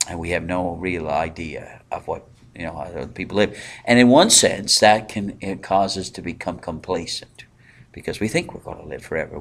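A man leading a Bible study in a conversational way, pausing with fillers and asking the group questions. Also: low voice, gravelly. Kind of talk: interactive Bible teaching.

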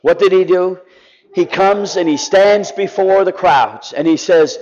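A man preaching with fervent conviction, his voice rising in urgency and then falling to a near-hushed plea. His voice sits a little high for a man. The recording sounds dull and lo-fi. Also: a little slow. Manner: impassioned, drops to soft pleading. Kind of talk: sermon.

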